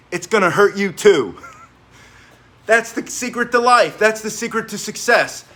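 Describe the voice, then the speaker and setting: A fitness coach with a fairly high voice for a man, energetic and talkative, laughing through his stories and slipping into exercise directions. He talks in an indoor training gym. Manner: energetic, chatty, laughs while telling stories. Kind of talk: spoken workout instruction with war stories.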